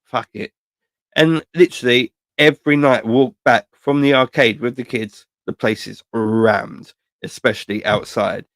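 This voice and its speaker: A man, co-hosting a casual podcast chat, swearing freely as he rambles through animated anecdotes. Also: medium pitch, moderate pace, few pauses, no echo. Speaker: podcast co-host.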